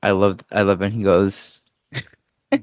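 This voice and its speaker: A man's voice: low-pitched, little pitch movement, slow pace, smooth, dry recording. A man co-hosting a podcast, rambling and laughing as he recaps a film in casual chat. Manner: rambling, self-interrupting, laughs often. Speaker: podcast co-host. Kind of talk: casual movie discussion.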